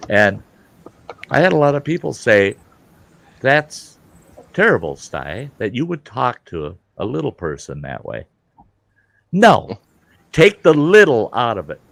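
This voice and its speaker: A man hosting an online hangout, telling a story casually, cursing freely and getting loud and heated. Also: mid-range voice, a little slow, creaky, long pauses. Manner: animated, profane, grows loud and heated. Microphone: online call.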